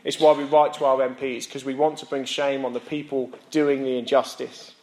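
A man's voice: mid-range voice, level tone, moderate pace, a little mellow, echoey room. A British man preaching a sermon in a church, conversational, with asides and self-mocking laughs. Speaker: pastor.

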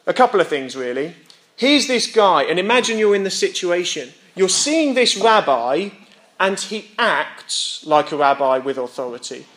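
A man's voice: high voice, big pitch swings, normal speed, fairly bright tone. A young man giving a sermon. He reads scripture aloud, explains it plainly, checks in with his listeners and voices rhetorical questions. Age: young adult. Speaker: preacher.

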